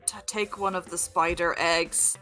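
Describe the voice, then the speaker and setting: Halting woman player over music. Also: lowish voice, fairly even intonation, pushed and bright. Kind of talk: casual chat in a tabletop game.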